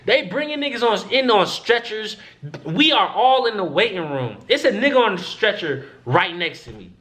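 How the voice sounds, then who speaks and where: Animated young man telling a story. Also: high-pitched, moderate pace. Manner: animated, profane, acts out quoted voices. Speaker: vlogger. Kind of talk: casual storytelling to camera.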